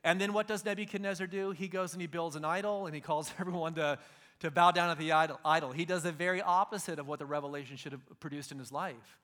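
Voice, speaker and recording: Casual preacher, middle-aged man, high bright voice, slangy storyteller. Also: fairly even intonation, fast. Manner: casual storytelling, acts out biblical figures in slang. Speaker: pastor. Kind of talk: sermon.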